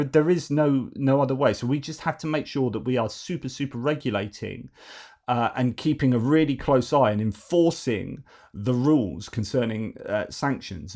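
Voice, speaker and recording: A man's voice: mid-range voice, darkish tone. A man hosting a news commentary show, talking in a digressive, argumentative way with many fillers and restarts. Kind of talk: opinionated news commentary monologue.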